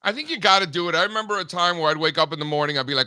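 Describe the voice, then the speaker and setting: A middle-aged man hosting a show, chatting casually in a blunt, profane and animated way. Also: a little high, rapid-fire, few pauses, no echo, studio quality. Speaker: host. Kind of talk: casual chat.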